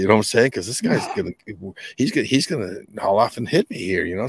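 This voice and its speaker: Gravelly Boston man spinning rambling tales. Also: on the low side, fast, no room sound. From New England. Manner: rambling, animated anecdotes. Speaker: guest. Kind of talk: casual storytelling.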